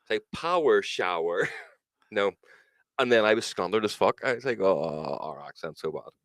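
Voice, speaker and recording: A man's voice: low-pitched, expressive, normal speed, a bit bright, dry recording. A young man with a Northern Irish accent, co-hosting a casual podcast, swearing and laughing a lot. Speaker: podcast co-host. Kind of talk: casual banter.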